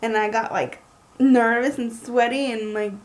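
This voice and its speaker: A young woman telling a story in a chatty, animated way, full of likes. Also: a little high, unhurried, rough recording. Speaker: vlogger. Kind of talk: casual storytelling.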